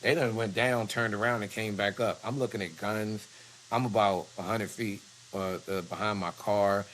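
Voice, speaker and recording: A male preacher, telling a personal story in a heated, profane and animated way. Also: lowish voice, moderate pace, slight background noise. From Philadelphia.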